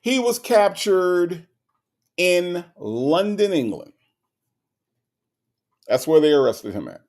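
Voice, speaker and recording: A man's voice: high-pitched, very animated, slow, darkish tone. A man hosting a live stream, talking to his chat in an emphatic, sarcastic, repetitive rant. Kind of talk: casual commentary to chat.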